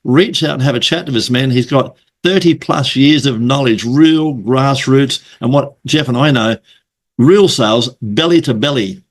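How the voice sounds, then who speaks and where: A man hosts a relaxed podcast chat. He tells sales stories with plenty of swearing and puts on the voices of the people in them. His voice sits at an ordinary middle pitch. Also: normal speed. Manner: storytelling, swears, acts out quoted voices. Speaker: podcast host. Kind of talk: casual interview chat.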